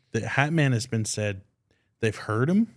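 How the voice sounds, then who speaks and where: A young man co-hosting a podcast, telling stories in a loose, excitable way and swearing casually. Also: medium pitch, measured pace. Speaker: podcast co-host. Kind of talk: casual chat.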